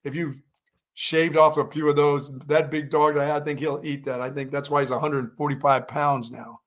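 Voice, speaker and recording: A man's voice: a little high, little pitch movement, moderate pace. A man co-hosting a sports radio show, telling joking stories in casual chat. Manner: joking storyteller, laughs at himself.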